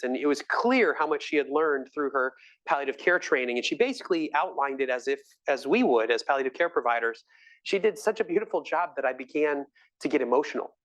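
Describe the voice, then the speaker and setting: A middle-aged man, a physician, answering audience questions at a live lecture with enthusiastic, storytelling energy. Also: fairly high pitch. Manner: enthusiastic, warm storytelling with laughs. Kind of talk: live grand rounds Q&A.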